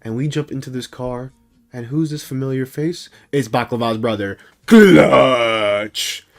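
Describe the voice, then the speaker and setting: A man's voice: medium pitch, fairly even intonation, normal speed, darkish tone. A young man telling a comedic story to his viewers, hyped and jokey. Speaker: storytime video creator.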